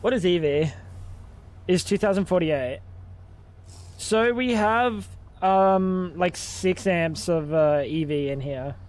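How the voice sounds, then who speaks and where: A man's voice: high-pitched, slow, long pauses, a little mellow. A man streaming a game, chatting casually and thinking aloud, with plenty of swearing. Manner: rambling, profane, thinking aloud. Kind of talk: casual livestream chat while gaming.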